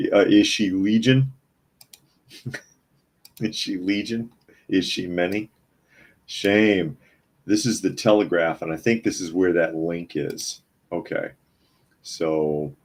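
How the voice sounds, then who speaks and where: A male podcast host giving live news commentary, reading viewer comments aloud with scornful chuckles. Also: sits low. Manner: mocking, chuckling while reading chat comments.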